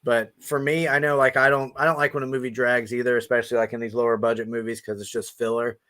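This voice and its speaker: A man's voice: mid-range voice, level tone, quick pace, fairly bright tone. A man co-hosting a podcast in casual chat, hesitant and repeating his words. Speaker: podcast co-host.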